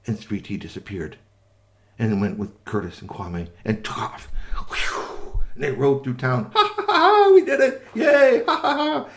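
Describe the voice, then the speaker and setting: A man narrating a bedtime story for children, his voice rising and falling with lively swoops. He tells it gently, with sound effects and the odd restart, at a mid pitch.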